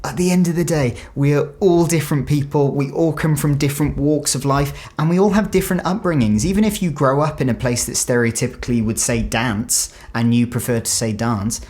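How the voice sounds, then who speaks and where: A man's voice: medium pitch, brisk, hardly any pauses, a little mellow. An English man hosting a casual reaction video, chatty and reflective as he muses aloud. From England. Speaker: YouTube reaction host.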